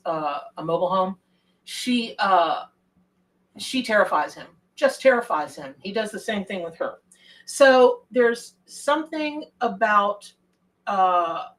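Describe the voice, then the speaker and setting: A woman's voice: mid-range voice, a bit bright, far from the mic, poor audio. A middle-aged woman, reading tarot on a live stream in a chatty, folksy way and greeting viewers by name.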